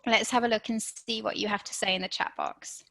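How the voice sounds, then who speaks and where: Bright upbeat woman leading a webinar. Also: mid-range voice, steady tone, fairly quick, creaky, poor audio. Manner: encouraging, addresses audience directly with frequent "okay?". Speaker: webinar presenter. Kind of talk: live online workshop talk.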